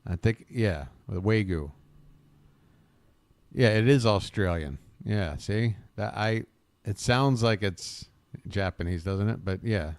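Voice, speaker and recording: A rambling American man hosts a casual live stream and talks to his viewers in the chat by name. His voice sits low and sounds smooth and clear. The sound is dry and close, with almost no room echo. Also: slow pace. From United States. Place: home abroad, living in Bangkok.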